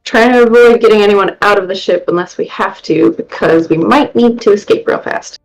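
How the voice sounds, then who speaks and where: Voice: mid-range voice, fairly quick, gravelly, soft background music, poor audio. A tabletop player speaking as a ship's leader, giving orders to the crew. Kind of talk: tabletop game chat.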